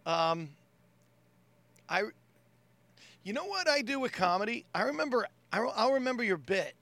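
A comedian hosting a casual chat, joking and laughing at himself. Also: male voice, high-pitched, very animated, moderate pace, sharp tone, no echo. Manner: laughing, self-deprecating banter.

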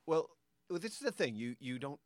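A man's voice: fairly high pitch, fairly quick, no room sound. A middle-aged man, a comedian guest, telling a story in casual podcast chat and acting out the people he quotes. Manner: animated storyteller, acts out quoted voices.

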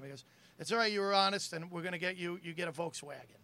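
A man's voice: fast, pushed and bright. A middle-aged man, a comedian, telling stories and jokes in casual chat and acting out the quotes. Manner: storytelling, acts out quotes in a lowered voice.

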